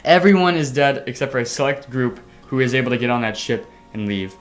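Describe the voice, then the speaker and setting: A man hosting a casual podcast, telling a story excitably with sound effects and the odd swear word. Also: medium pitch, brisk, faint music behind. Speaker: podcast host.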